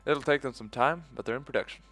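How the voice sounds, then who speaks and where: A man's voice: mid-range voice, fast, sharp tone, faint music behind. A man giving casual let's-play commentary, thinking aloud in a loose, profane way. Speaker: gaming video host.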